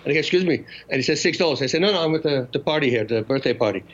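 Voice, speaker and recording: A man from the Netherlands with a Dutch accent, a podcast guest telling animated stories and laughing often. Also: mid-range voice, very fast. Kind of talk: casual chat. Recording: slightly muffled lo-fi recording.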